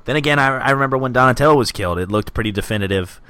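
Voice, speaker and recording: A man co-hosting a casual podcast chat, excitedly recapping comic scenes. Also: mid-range voice, rapid-fire, clear, resonant tone, no echo. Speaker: podcast co-host.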